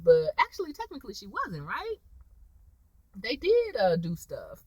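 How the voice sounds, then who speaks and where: A woman casually recapping a TV episode, acting out the characters' lines in a lively, chatty way. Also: mid-range voice, a little fast, no room sound, low-quality recording. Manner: animated, acts out characters' lines. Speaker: TV episode reviewer.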